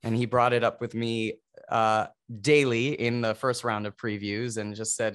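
A man's voice: mid-range voice, level tone, moderate pace, few pauses, a bit bright, clean tone. A man in his thirties, a stage actor, recalling memories in an earnest, emotional way over a video call. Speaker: Broadway actor, guest.

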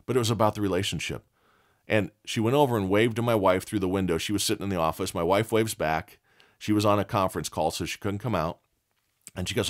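A middle-aged man hosting a motivational talk show, blunt and folksy, telling stories. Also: fast. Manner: blunt, folksy storytelling with lively swings in pitch. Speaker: podcast host.

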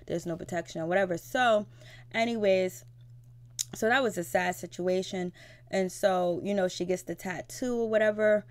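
Woman, show reviewer, casual recap, slangy, chatty, middle pitch. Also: fairly even intonation, normal speed. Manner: slangy, chatty, frequent fillers.

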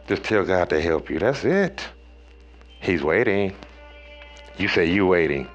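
A man giving a preachy tarot reading in a slangy, profane way, talking straight to viewers and swinging between loud highs and low murmurs. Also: expressive, a little slow, pauses often, soft background music. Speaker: tarot reader.

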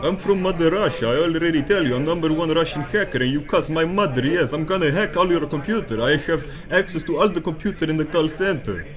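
A man's voice: on the high side, animated, fast talker, few pauses. A man putting on a gloating Russian hacker. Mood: boastful. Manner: taunting, bossy, broken English. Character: boastful male Russian hacker taunting a scammer. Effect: voice changer.

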